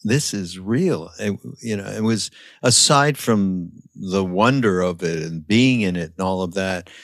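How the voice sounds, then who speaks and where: An older man with a very low, deep voice, recorded dry and close. He tells his stories reflectively and acts out the people he quotes. The conversation is casual. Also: unhurried, fairly bright tone, no room sound. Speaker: podcast guest.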